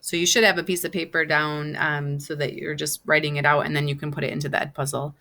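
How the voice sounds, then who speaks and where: A woman's voice: sits low, level tone, fast talker, pushed and bright. A woman teacher giving a recorded online lesson, spelling words out letter by letter and repeating them patiently. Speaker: Spanish teacher.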